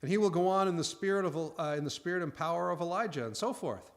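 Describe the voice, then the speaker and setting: A man's voice: high-pitched, lively intonation, quick pace. A man preaching a conversational sermon in a folksy way, acting out the angel's and priest's lines.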